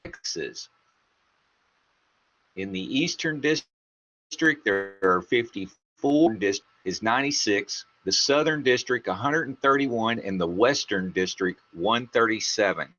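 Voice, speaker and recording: A male radio talk show host speaks slowly and deliberately in a fairly low voice. His tone is bright and firm. The recording is dull and lo-fi. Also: no echo. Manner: slow, measured, deliberate.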